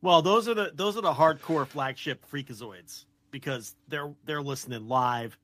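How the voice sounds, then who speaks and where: A man's voice: fairly high pitch, normal speed, a bit bright. A man co-hosting a wrestling podcast in casual chat, teasing and playful, with emphatic delivery. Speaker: podcast co-host.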